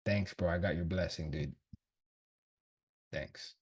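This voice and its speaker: Casual trading streamer: a deep-voiced man with a husky edge, slangy and loose. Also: slow. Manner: slangy, swears, laughs often, thinks aloud. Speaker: trader streaming his chart analysis. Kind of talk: casual livestream chat. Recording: voice from a distant mic.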